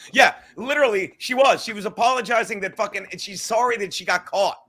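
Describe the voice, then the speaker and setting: A man's voice: high voice, pushed and bright. A middle-aged man on a podcast, ranting angrily and swearing constantly as he insults people. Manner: angry, insulting, fast swearing. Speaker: podcast guest. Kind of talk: profane ranting commentary.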